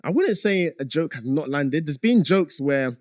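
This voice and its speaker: A young man talking as a guest on a podcast, relaxed and rambling, with frequent fillers. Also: fairly high pitch, normal speed, no echo. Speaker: guest, content creator. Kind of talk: casual podcast chat.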